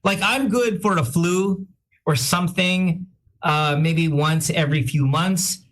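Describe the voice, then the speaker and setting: A male radio host in casual chat, reading out listener shout-outs with quick self-deprecating asides and a slightly sick-sounding voice. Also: fairly high pitch. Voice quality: says he sounds a bit sick.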